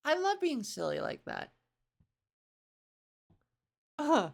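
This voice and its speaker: Gravelly-voiced chatty woman. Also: high voice, big pitch swings, drawn-out words, pauses often. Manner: chatty, self-mocking, swears, reads aloud and reacts. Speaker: video creator. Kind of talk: casual reaction commentary.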